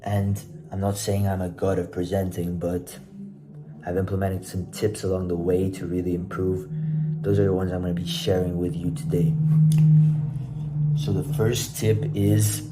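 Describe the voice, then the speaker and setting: Low, flat-voiced young man giving tips. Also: a little slow, pauses often, music in the background. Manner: relaxed, conversational, self-deprecating. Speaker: presenter giving speaking tips. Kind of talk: casual self-recorded tips video. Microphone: self-recording camera.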